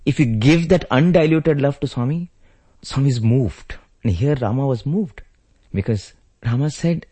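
A man's voice: medium pitch, lively intonation, normal speed, mellow, husky. A man giving a spiritual discourse, retelling sacred stories in a reverent storytelling manner. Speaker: spiritual speaker.

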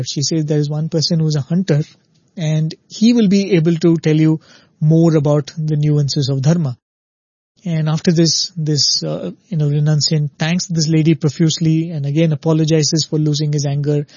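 A man's voice: on the high side, a little mellow, no room sound, lo-fi sound. A man casually retelling a scriptural story in a conversational way, with many "you know" fillers.

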